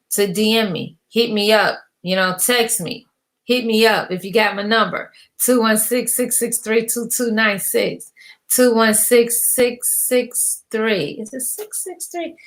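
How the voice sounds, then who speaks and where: A woman's voice: medium pitch, a bit bright. A middle-aged woman coaching her viewers in an emphatic, preachy motivational rant, casual and full of slang and repetition. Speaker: business coach.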